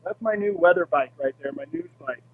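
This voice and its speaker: A man's voice: a little high, phone-quality sound. A man hosting a casual morning show, giving an upbeat report on roads and weather from around town. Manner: upbeat, hyped, quick asides. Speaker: host, roving reporter.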